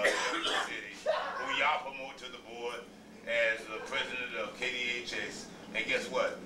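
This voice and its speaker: A man speaking at a public board meeting, rambling and emphatic. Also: mid-range voice. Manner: rambling, emphatic, keeps saying "guess what". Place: meeting room, indoors. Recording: echoey room from far off, clear noise.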